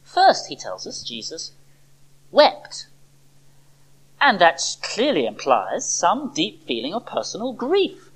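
A preacher giving a sermon to a church service, expressive, with dramatic pauses and rhetorical questions. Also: mid-range voice, husky, low-quality recording.

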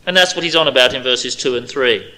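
A man preaching an expository sermon, stressing key words and dropping to quiet asides. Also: medium pitch, fast talker, low-quality recording.

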